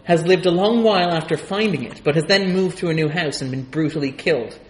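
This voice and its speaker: Guy chatting about movies on a podcast, slightly high voice, laughs a lot, lots of ums. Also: quick pace, poor audio. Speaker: film podcast co-host. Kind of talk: casual film chat.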